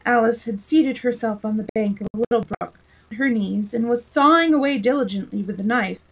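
A woman storyteller reading a classic storybook aloud in a lively, expressive way. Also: on the high side, brisk, rough recording.

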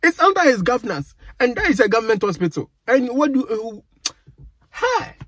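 A man's voice: very high-pitched, sing-song, moderate pace, fairly bright tone, slightly rough, no echo. A Ghanaian man giving exasperated, indignant commentary as a vlogger, slipping between English and Pidgin. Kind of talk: ranting commentary.

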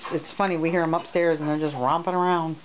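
A woman with a low, fairly flat voice speaks fairly quickly as she films her foster dogs at home, going in and out of doors. She coaxes them with a sing-song tone, recorded on a handheld camera with dull, lo-fi, loudly noisy sound.

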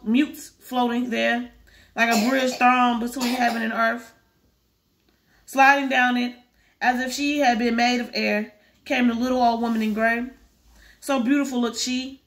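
A woman's voice: on the high side, fairly bright tone. A woman reading a storybook chapter aloud, carefully, restarting on hard words. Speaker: reader.

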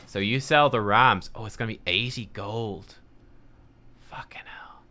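A man's voice: lowish voice, normal speed, sharp tone. A man streaming an online game, muttering to himself and swearing casually as he plays. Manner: muttering, swearing, thinking aloud. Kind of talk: casual gameplay commentary. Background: game music.

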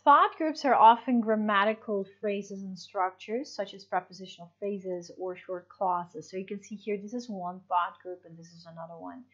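A woman teaching an English lesson, explaining step by step and checking in with her students. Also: medium pitch. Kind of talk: online class lesson. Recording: dull lo-fi audio.

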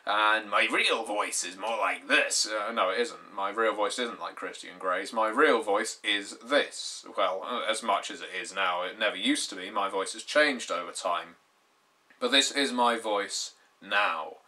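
A man's voice: on the low side, measured pace, sharp tone. Wry British man in his twenties. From Britain. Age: 20s. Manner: dry, sardonic, wry humor. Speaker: YouTube gaming channel host. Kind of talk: casual to-camera talk.

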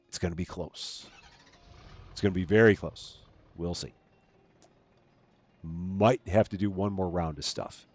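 A man hosting a gaming livestream, chatting casually and rambling while he plays, his voice jumping up high and loud when he greets viewers. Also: dry recording. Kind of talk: casual gameplay commentary. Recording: dry close mic with faint game music behind.

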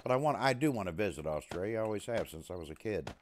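A man's voice: fairly low pitch, animated, fast, a little hiss or hum. A man chatting casually and jokingly to his live-stream viewers while playing a survival game. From USA. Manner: chatty, talks to his chat and his dog, jokey.

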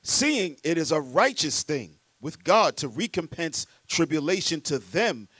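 A man's voice: on the high side, a little slow, breathy edge, dry recording. Male scripture reader, off-mic. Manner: steady, formal reading. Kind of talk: reading scripture aloud.

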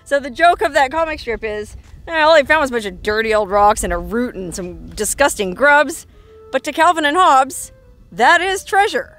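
Woman doing a chatty travel vlog out in the desert, kinda high voice, hams it up, faint music behind. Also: big pitch swings, normal speed, fairly bright tone. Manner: theatrical, playful storyteller with dramatic emphasis. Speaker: travel vlogger host. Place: outdoors in the desert.

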